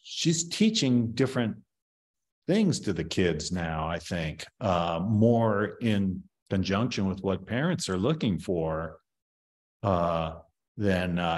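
A man's voice: deep voice, sing-song, slow pace. A man in his seventies, a martial arts master, giving opinionated, rambling answers in an interview with many fillers.

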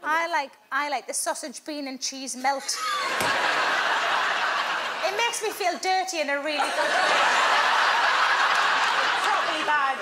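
A woman's voice: high-pitched, a little slow, long pauses. A woman hosting a comedic talk show interview, cheeky and giggly, with frequent ums. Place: television studio with live audience. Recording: studio audience laughter and noise.

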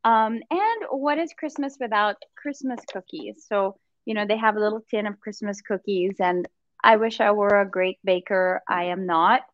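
A woman's voice: medium pitch, moderate pace, dry recording. Chatty woman with muffled, dry sound. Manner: chatty and enthusiastic, fond of food. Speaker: guest presenting a holiday gift hamper. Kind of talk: casual video-call chat.

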